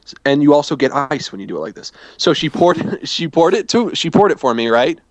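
A man's voice: on the high side, sing-song, brisk. A man telling a long, meandering travel story in casual chat, often restarting his sentences. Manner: rambling, self-correcting storytelling.

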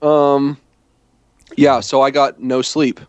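A man's voice: mid-range voice, flat delivery, takes it slowly, smooth, no echo. A man telling a long, meandering travel story in casual chat, often restarting his sentences. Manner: rambling, self-correcting storytelling.

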